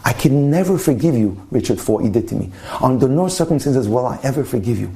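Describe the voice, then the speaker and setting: A man voicing a stern, unforgiving older male yeshiva dean in a told story, scolding and indignant in a warm, mellow voice. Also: medium pitch, animated, fast talker, vocal fry.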